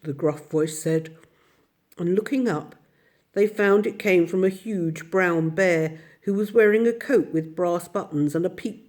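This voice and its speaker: Mellow woman reading a storybook aloud. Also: lowish voice. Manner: steady, expressive storytelling. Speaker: audiobook narrator.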